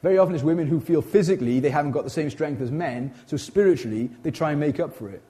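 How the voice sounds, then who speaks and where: Chatty preacher, warm mellow tone. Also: male voice, on the high side, fast talker. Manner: animated, chatty, frequent self-interruptions and asides. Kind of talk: informal sermon.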